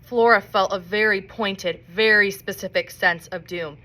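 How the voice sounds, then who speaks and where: A woman reading a children's novel aloud in an expressive storybook manner. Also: mid-range voice, a little slow. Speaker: reader.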